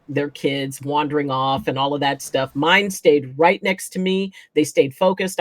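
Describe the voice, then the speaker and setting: A woman with a slightly low voice chats casually as a guest. She tells her stories with animation, acting out what people said and breaking into laughs. Her voice sounds dry and close, with no room echo. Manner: animated, acts out quotes, laughs often. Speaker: guest chiropractor. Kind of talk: casual storytelling chat.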